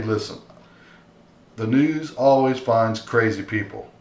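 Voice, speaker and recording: Earnest low-voiced man preaching informally. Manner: earnest, repeats "okay?" often. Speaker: lay preacher. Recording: echoey room with faint hiss.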